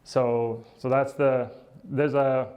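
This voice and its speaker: A man's voice: mid-range voice, level tone, slow, lo-fi sound. A middle-aged man, a dentist, giving a casual presentation, with fillers and asides. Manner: conversational, with fillers, laughs and "right?" asides. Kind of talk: casual talk.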